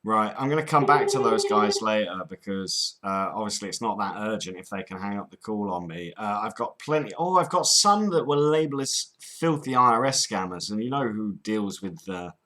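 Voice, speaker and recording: A man's voice: fairly low pitch, expressive, normal speed, few pauses, bright, forceful tone, poor audio. A man hosting a prank-call channel, chatting casually between calls in a rambling way with crude jokes.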